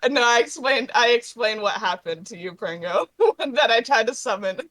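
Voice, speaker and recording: A woman's voice: a little high, expressive, moderate pace, a bit bright, no room sound. A woman playing a tabletop game, chatting casually, giggling and swearing. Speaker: player. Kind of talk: casual chat.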